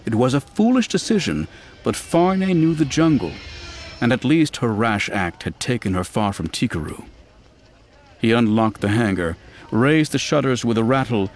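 A man with a mid-range voice reads a scripted audiobook narration, telling the story in a steady, even way.

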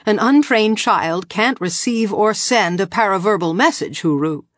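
Sharp bossy old witch lady read by a woman, a bit higher than the narration, dry close sound. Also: animated, unhurried, no echo, lightly acted. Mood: sharp dismissive. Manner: sharp, dismissive.

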